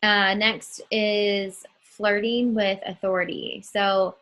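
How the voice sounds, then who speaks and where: Slow, bright-voiced woman leading a call. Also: medium pitch, little pitch movement, low-quality recording. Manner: slow and chatty, many ums, addresses listeners as guys. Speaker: trainer for new webcam models. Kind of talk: casual training talk on a group call.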